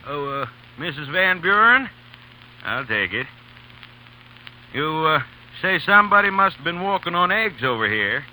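A man's voice: a little high, big pitch swings, normal speed, pauses often, sharp tone, heavily acted, rough recording. A man voicing a friendly corner grocer in a 1930s radio ad sketch, chatty and folksy. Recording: hissy old radio broadcast.

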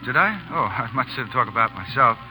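An actor playing a brash, teasing young officer from Canada, in 1940s radio acting style. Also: male voice, medium pitch, very animated, fairly quick, bright, forceful tone, soft background music, low-quality recording. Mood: bantering.

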